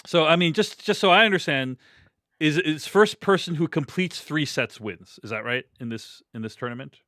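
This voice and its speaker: A man's voice: on the high side, normal speed, pushed and bright, no echo, clean studio sound. Man asking questions about a film. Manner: checks his understanding with frequent questions, hesitant. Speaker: host of film discussion. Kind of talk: casual film discussion.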